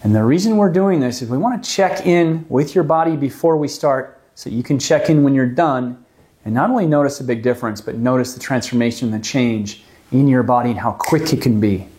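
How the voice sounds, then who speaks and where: A man calmly leading a stretching class, guiding the moves step by step and explaining why each one helps. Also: mid-range voice, fairly quick. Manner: calm, gently coaching, explains the reasons for each move. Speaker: movement class instructor. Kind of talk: guided exercise class instruction.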